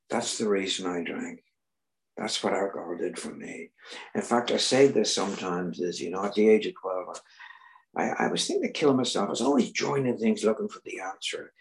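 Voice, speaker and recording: An older Northern Irish man giving personal testimony at a recovery meeting, telling his story earnestly and dropping from loud emphasis to near-whispers. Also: fairly low pitch, creaky, low-quality recording. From Northern Ireland.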